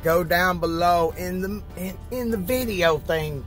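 A country man, a trucker, hamming it up with loud, rowdy banter. His voice sits high, and he talks at an unhurried drawl. Music plays clearly behind him. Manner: loud country-boy banter, shouting in the skit. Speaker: trucker vlogger. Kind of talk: comedy skit and casual vlog.

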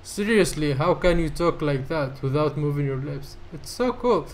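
A man giving let's play commentary, reading the game's dialogue aloud and reacting in an excitable way. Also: on the high side, normal speed, a little hiss or hum. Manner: excitable, reads game dialogue aloud and laughs often. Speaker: gamer.

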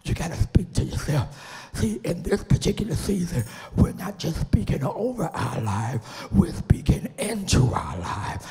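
A man's voice: on the high side, sing-song, unhurried, hardly any pauses, dark tone. A man preaching as a bishop, exhorting the congregation with call-and-response, a little out of breath. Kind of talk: lively sermon. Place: church sanctuary. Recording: long church reverb.

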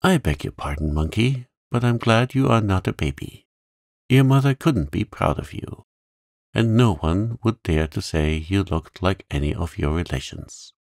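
A man voicing a kind, imaginative young girl who talks in a soft, coaxing, crooning way. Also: low-pitched, expressive, normal speed, creaky, dry recording, studio quality. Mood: tender, playful.

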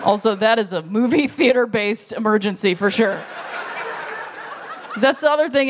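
A stand-up comic in their thirties telling a long story on a live stage, briefly acting out the people in it with quick voices. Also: medium pitch. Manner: storytelling, acts out characters in quick bursts. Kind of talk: stand-up comedy set. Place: live stage before an audience. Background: audience laughter.

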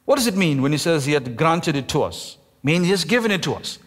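A man, the pastor, preaching a sermon with emphasis, slowing down and stretching key words. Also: a little high, sing-song, a bit bright. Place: church sanctuary. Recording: echoey church hall.

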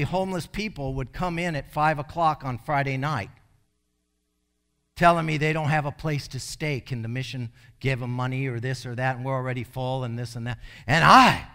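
A male pastor preaching a sermon in an emphatic way, with sudden loud bursts. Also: a little high.

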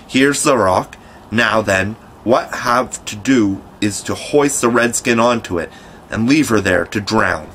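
A man voicing a gruff, blustering pirate with an Irish accent. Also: lowish voice, measured pace, a bit bright, a little hiss or hum.

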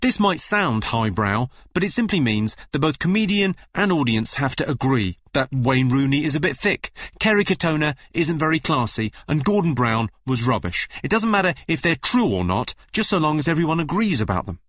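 A man hosts a comedy radio show with deadpan, dry wit. His voice sits slightly high and swings widely in pitch. The studio sound is close and dry, with no room in it. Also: moderate pace, hardly any pauses, no room sound. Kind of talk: scripted radio presenting.

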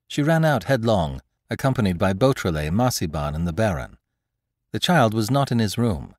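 A man narrating classic fiction as an audiobook, in measured storytelling. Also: on the low side, big pitch swings, a little mellow, dry recording, clean studio sound. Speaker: audiobook narrator and podcast host.

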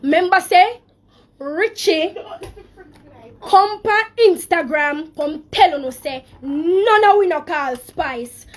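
A woman's voice: very high-pitched, animated, slow pace. A woman with a Jamaican accent talking emotionally on a live stream, speaking in patois.

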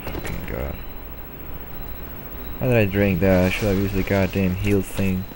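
A man's voice: low-pitched, a little slow, creaky, background noise. A man commenting on his own gameplay, frustrated and swearing, muttering to himself.

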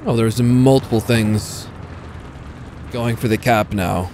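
A man giving casual commentary over his own gameplay, excitable, swearing freely and talking to enemy tanks. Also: fairly low pitch, slow pace, a little hiss or hum. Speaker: gaming YouTuber.

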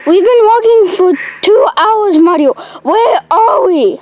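Luigi is a nervous grown man who gripes and frets through a goofy comedy sketch. The voice sits very high and sounds whiny and anxious. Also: animated, measured pace, no echo, highs cut off. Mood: scared. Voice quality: whiny, complaining.

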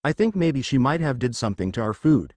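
A man voicing a wisecracking teen boy who jokes his way through danger and backs down with a sheepish apology. His pitch moves about a lot, and the sound is dry and close, like a storybook reading. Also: very animated, a little fast, darkish tone, dry recording. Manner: joking, apologetic.

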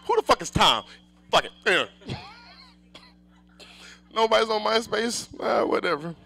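A man's voice: sits high, expressive, a little slow, vocal fry, sharp tone, low-quality recording. A man performing a stand-up comedy set, telling stories in a loose, profane, conversational way.

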